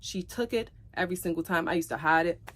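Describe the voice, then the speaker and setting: A woman's voice: lowish voice, fast. Upset woman recounting a breakup. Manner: addresses viewers directly, repeats phrases, grows loud and heated when recounting fights. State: upset, near tears. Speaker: streamer telling her side of a breakup. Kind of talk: emotional live-stream storytelling.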